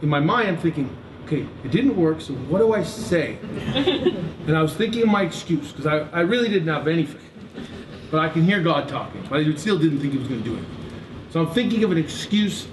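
A man's voice: on the high side, animated, a little fast. A man preaching in a storytelling way, laughing often and acting out what people said. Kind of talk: storytelling sermon. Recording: echoey room, mic far off, noisy.

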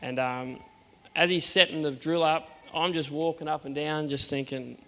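Australian man, fairly high voice, plain-spoken testimony, hall reverb. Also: steady tone, moderate pace, fairly bright tone. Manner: earnest, plain-spoken, acts out the dialogue. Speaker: churchgoer telling his faith story. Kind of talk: personal testimony storytelling.

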